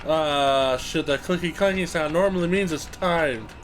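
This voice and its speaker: Excitable male let's-play commentator, slightly high voice, faint hiss behind, talks back to the game. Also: a little slow. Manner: excitable, swears a lot, chatters to objects in the game. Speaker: gameplay commentator.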